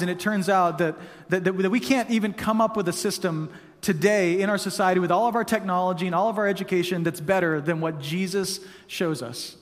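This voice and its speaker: A man preaching a sermon as pastor, conversational and prone to restarts and casual asides. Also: sits high. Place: church hall. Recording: long hall reverb.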